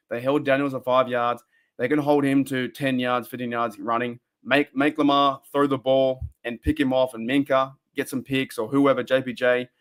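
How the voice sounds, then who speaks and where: Rambling Australian man on a fan stream. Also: mid-range voice. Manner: rambling, excitable, talks to chat viewers. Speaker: fan podcast host. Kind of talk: casual live-stream chat. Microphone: desk microphone for a live stream.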